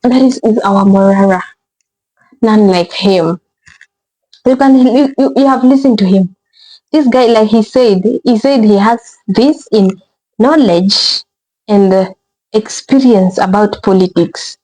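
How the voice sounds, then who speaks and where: A woman's voice: medium pitch, unhurried, dark tone, rough recording. A woman hosting a reaction video, talking casually and rambling, with exasperated asides. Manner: rambling, exasperated, repeats words, says bruh.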